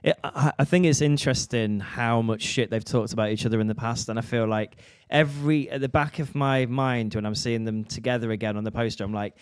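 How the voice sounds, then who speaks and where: A man co-hosting a podcast. He rambles through loose, sweary jokes in an easygoing, mid-pitched voice. His voice sounds dry and close to the mic. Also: a little mellow, clean tone, dry recording. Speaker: podcast co-host. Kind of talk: casual banter.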